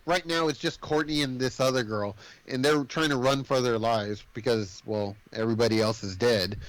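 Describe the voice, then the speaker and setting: A man with a slightly high voice, talking fast and loose as he recaps a movie on a podcast, swearing freely. The sound is dry and close, with no room in it. He keeps the story rolling with run-on energy. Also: no room sound, rough recording. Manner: animated, profane storytelling. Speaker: podcast co-host. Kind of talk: casual movie recap chat.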